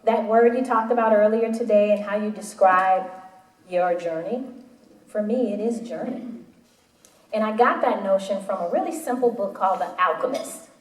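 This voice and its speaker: A woman in her forties giving a motivational talk to a live audience, telling animated stories and acting out the voices in them. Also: mid-range voice, moderate pace. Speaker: panel speaker. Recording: roomy hall audio from a distant mic.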